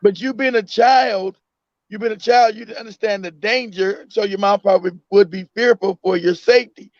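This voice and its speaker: A high-pitched man talks in a casual chat, emphatic and repeating his points. The sound is dry and close. The audio is dull and lo-fi. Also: moderate pace, no echo. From United States. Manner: emphatic, repeats himself, acts out a mother.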